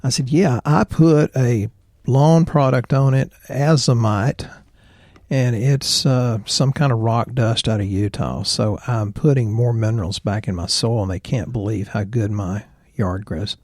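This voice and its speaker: A man's voice: medium pitch, a little slow, darkish tone, no room sound, clean studio sound. A middle-aged man hosting a casual health podcast, opinionated and jokey, telling anecdotes as he talks. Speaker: podcast host, chiropractor.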